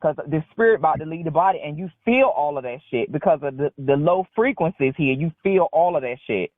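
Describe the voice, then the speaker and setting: A woman's voice: low-pitched, animated, brisk, no echo. A woman calling in to a talk show, telling a rambling story bluntly and with heavy profanity. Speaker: caller. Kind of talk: casual phone-in storytelling. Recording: dry tinny phone line.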